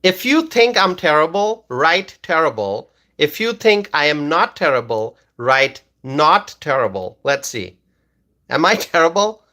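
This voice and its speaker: A man's voice: fairly high pitch, sing-song, a little slow, sharp tone. A man hosting a political livestream, talking insistently with many fillers and repeated phrases, then reading chat comments aloud.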